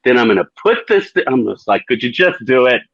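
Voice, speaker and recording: A man's voice: medium pitch, fast, husky, dry recording, muffled recording. A man hosting a podcast, telling a long crude story casually, swearing and laughing often. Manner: profane, laughing, animated storyteller. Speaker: podcast host.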